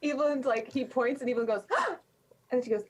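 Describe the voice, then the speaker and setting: A woman with a high voice plays a tabletop game. She playfully acts out her character's moves and tallies dice. Faint background noise is audible. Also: a little fast. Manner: playful, animated, narrates her character's actions. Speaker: player. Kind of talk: casual tabletop game play.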